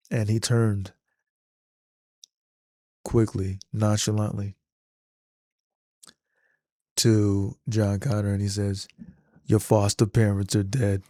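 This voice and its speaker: A man casually retelling a movie scene in an animated, slangy storytelling manner. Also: on the low side, dry recording, clean studio sound. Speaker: vlogger.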